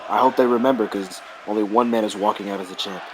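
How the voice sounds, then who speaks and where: A man's voice: on the low side, steady tone, quick pace, some chatter behind, a little hiss or hum. A man giving earnest, emphatic color commentary on a wrestling match.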